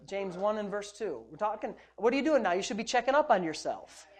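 Middle-aged male pastor, lively joking sermon delivery. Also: sits high, fairly quick. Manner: animated, joking, preacherly exclamations.

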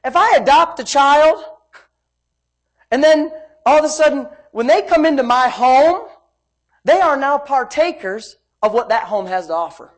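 Animated woman preacher, high voice. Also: measured pace. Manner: animated preaching, swings from loud emphasis to hushed asides; tells homey stories with laughter. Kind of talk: sermon.

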